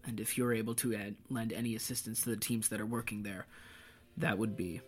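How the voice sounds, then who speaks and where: A man voicing a stern, pragmatic city guard captain in a tabletop game, speaking in a measured, formal way. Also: lowish voice, fairly even intonation, over music, lightly acted. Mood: grave.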